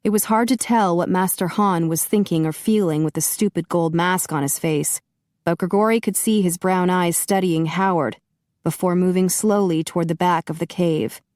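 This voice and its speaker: A woman narrating a paranormal romance audiobook in a steady, even storytelling manner. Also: lowish voice, normal speed, no echo, clean studio sound. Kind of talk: scripted narration.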